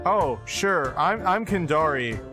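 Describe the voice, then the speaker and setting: A hesitant talking horse, put on by a man with a voice pitched a bit high. It stammers meekly and grumbles about the heat. Faint music sits under the tabletop game. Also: animated, slow. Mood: meek, reluctant. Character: shy, hot, lazy talking horse.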